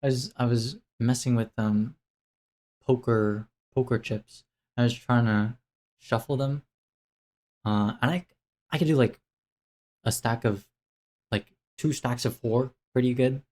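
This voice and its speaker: A man's voice: mid-range voice, fairly even intonation, unhurried, long pauses, darkish tone. Young guy rambling a casual life update. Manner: rambling, self-interrupting, many fillers and restarts. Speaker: vlogger.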